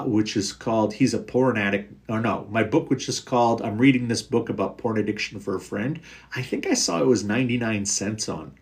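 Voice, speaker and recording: Gravelly, lively-voiced male coach on a livestream. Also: lowish voice. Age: middle-aged. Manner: casual, frank, rambling with fillers. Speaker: recovery coach. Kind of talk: live stream Q&A, reading comments.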